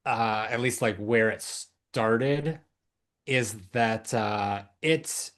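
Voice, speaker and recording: A man hosting a film podcast in relaxed, casual conversation. His pitch sits in the middle range, and he speaks haltingly, often restarting his sentences. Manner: halting, many fillers and restarts. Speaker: podcast host.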